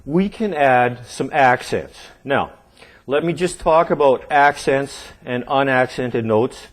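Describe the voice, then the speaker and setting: A man's voice: medium pitch, takes it slowly. A man teaching drums, counting beats aloud as he demonstrates and checking in with the viewer often. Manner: counts rhythms aloud while playing; relaxed, checks in often with okay and all right. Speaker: drum teacher. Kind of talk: instructional demonstration.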